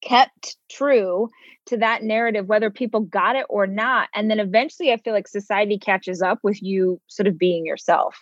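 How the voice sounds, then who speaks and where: A woman's voice: mid-range voice, normal speed, no echo. A woman hosting an interview, talking with eager, gushing enthusiasm. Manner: enthusiastic, gushing fan talk. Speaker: interviewer, host. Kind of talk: casual interview chat. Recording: dull, dry lo-fi recording.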